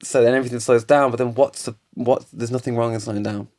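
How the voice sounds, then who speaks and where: A fast-talking podcast host with a mid-range voice chats casually on a studio couch. Easygoing and energetic, he rambles through stories with animated storytelling and laughs.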